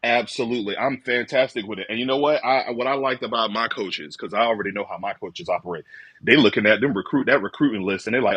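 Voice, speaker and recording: A man with a slightly husky voice talks college football with a co-host, animated and full of mock quotes. The sound is dry and close, with no room around it. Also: on the low side, fast, no echo. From rural southern United States. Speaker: co-host of a fan call-in show. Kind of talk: casual sports talk.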